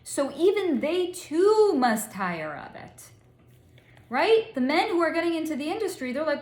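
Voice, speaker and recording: A woman's voice: high voice, animated, normal speed, a little mellow, roomy sound. A woman psychic relaying a channeled reading in a blunt, candid way, swearing freely and spelling out crude words. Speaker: psychic reader.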